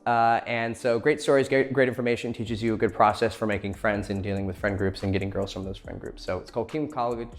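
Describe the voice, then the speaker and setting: A man's voice: on the low side, little pitch movement, fast, few pauses. A young man giving blunt, profane dating advice in a casual vlog. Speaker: dating coach.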